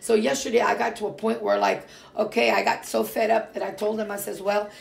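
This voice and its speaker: Middle-aged woman from Portugal, gravelly low fry, rambling casual vlog chat, emphatic with lots of fillers. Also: level tone, a little fast, a little hiss or hum. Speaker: vlogger. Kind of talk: casual personal talk to viewers.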